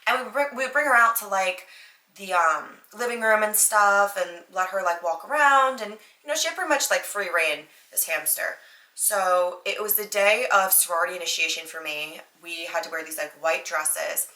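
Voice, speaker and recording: A woman's voice: medium pitch, moderate pace, sharp tone. A young adult woman hosting a podcast, telling a story in a chatty way with lots of fillers and acted-out quotes. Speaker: podcast host. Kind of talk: casual storytelling monologue. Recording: echoey room.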